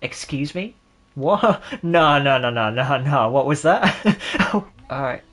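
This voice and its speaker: A man's voice: medium pitch, animated, takes it slowly, a bit bright. A man in his twenties giving sarcastic, jokey let's-play gaming commentary and laughing often. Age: 20s. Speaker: gaming channel host.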